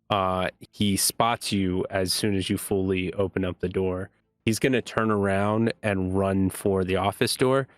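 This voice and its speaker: A man running a tabletop game as game master, describing scenes with many pauses and fillers. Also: on the low side, clear, resonant tone, no echo, clean studio sound.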